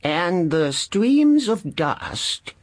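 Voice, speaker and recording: A man's voice: high voice, big pitch swings, extremely slow, pitched above the performer's own voice, exaggerated voice. A man voicing a fussy, inquisitive old chaplain in an audiobook.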